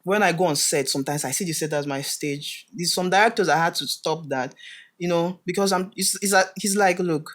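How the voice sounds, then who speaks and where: A man's voice: fairly high pitch, a little fast, fairly bright tone. A Nigerian man chats as a guest on a podcast. He tells his stories with animation and acts out other people's lines as he goes. He laughs often while he talks. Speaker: guest actor. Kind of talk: casual podcast interview. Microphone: podcast studio mic.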